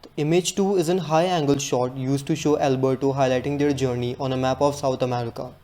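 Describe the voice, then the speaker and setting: A man presents to his class, reading his notes aloud in a steady, earnest way. His voice is mellow and relaxed, with a middling pitch. He sounds like a student working through his part of a presentation. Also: a little fast.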